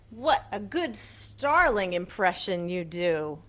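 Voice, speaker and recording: Lively sing-song storytime woman. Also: medium pitch, slow, few pauses, a little hiss or hum. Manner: animated, sing-song, coaxing questions to kids. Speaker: children's librarian. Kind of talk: reading a picture book aloud to small children.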